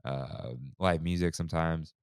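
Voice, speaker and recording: A man in his thirties co-hosting a podcast in a relaxed, slangy chat style, saying "dude" and "like" often. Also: rumbling low, a little slow, clear, resonant tone, dry recording, clean studio sound. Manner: laid-back, slangy, says "dude" and "like" often. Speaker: podcast co-host. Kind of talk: casual chat.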